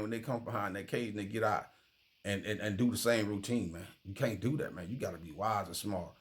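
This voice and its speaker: A man's voice: medium pitch, fairly bright tone. A streetwise man giving casual true crime commentary, forever checking in with "you feel me". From Miami.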